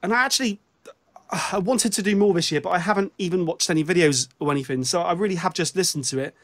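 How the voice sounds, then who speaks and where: A man's voice: high voice, fast, a bit bright. A British man co-hosting a casual album-review chat over a remote call, rambling and self-mocking with lots of restarts. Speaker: podcast co-host.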